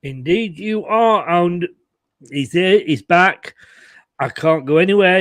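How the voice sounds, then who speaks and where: Jokey, higher-voiced male fan show host. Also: takes it slowly, a bit bright, no room sound. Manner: jokey, teasing, laughs often. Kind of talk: casual fan show chat.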